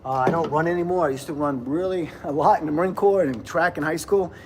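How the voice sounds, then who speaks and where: A man's voice: fairly high pitch, fast, noisy background. A man in his fifties chatting casually on a livestream from a gym, rambling and laughing often as he greets viewers. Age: 50s.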